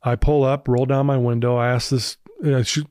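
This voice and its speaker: Man, 50s, earnest storyteller on a podcast, mid pitch, dry close sound. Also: flat delivery, moderate pace, darkish tone, smooth, no room sound. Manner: earnest, emotional personal storytelling. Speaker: podcast guest, recovery speaker.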